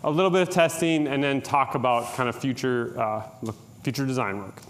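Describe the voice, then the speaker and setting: A man's voice: mid-range voice, brisk, fairly bright tone. A middle-aged man from Minnesota giving a conference tutorial talk in a casual, joking way, with frequent "uh" and "um". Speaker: conference presenter.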